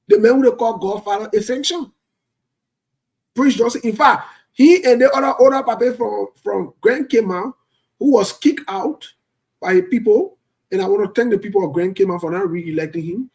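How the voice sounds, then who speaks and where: A man calling in to a talk show, speaking forcefully and indignantly and repeating his points. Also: sits high, breathy edge. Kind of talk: heated call-in talk.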